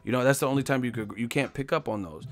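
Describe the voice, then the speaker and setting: A man's voice: mid-range voice, quick pace. A man hosting a live stream, ranting in a sarcastic, mocking tone. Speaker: boxing live-stream host.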